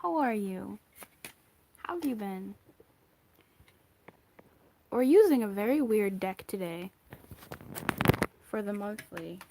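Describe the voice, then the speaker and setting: Against a noisy background, a woman with a medium-pitched voice and vocal fry talks slowly, pausing often. She is a tarot card reader giving a casual monthly reading, chatty and rambling, going off on tangents and restarting her sentences.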